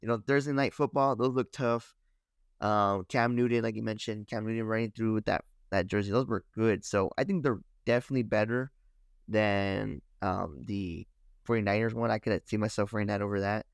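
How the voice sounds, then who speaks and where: A man's voice: lowish voice, moderate pace, smooth, dry recording, studio quality. A man co-hosting a podcast, chatting casually and hedging his opinions. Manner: relaxed, hedging with "honestly". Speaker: podcast co-host. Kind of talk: casual chat.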